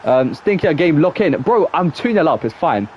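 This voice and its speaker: A man's voice: a little high, big pitch swings, normal speed, slight background noise. A young man with an English accent chatting casually while playing a football game on a live stream, rambling and reacting to the match. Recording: dull, muffled sound.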